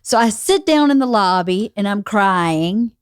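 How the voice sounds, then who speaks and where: A woman's voice: mid-range voice, expressive, smooth, no room sound. Teasing woman in a dry room. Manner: teasing, quick to contradict. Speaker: podcast guest, host's wife. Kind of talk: casual storytelling chat.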